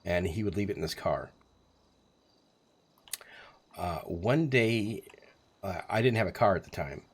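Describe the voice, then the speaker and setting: A man's voice: low voice, expressive, measured pace, breathy edge. A man in his forties telling a rambling, profane story on a live stream, chuckling as he goes. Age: 40s.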